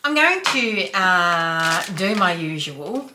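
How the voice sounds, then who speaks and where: An Australian woman in her fifties chatting through a makeup tutorial, sometimes dropping to a soft whisper while she blends. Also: lowish voice, big pitch swings, takes it slowly, noisy background. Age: 50s. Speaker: beauty vlogger.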